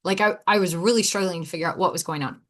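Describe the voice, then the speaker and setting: A woman in her thirties hosting a podcast, telling a personal story in a casual, animated way, acting out quotes in lively voices. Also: lowish voice, quick pace. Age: 30s. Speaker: podcast host.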